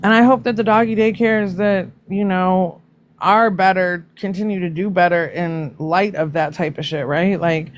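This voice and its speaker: A woman's voice: lowish voice, steady tone, moderate pace. Blunt, profane woman live-streaming. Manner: profane, blunt, emotional asides to viewers. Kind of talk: casual live chat reacting to news.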